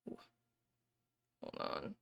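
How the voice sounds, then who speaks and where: A woman's voice: extremely slow, a bit bright. A woman streamer chatting casually with her viewers, rambling and correcting herself as she goes.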